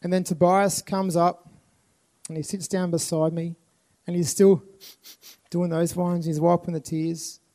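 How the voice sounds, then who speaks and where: High-voiced earnest man. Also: flat delivery, a little slow, pauses often, warm tone. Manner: earnest, repetitive emphasis. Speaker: speaker at a youth festival. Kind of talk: live motivational talk. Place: live event venue with an audience.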